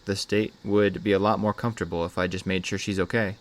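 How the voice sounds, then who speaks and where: A man voicing a kind female social worker who speaks in a gentle, reassuring way. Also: low-pitched, level tone, fairly quick, natural voice. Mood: polite.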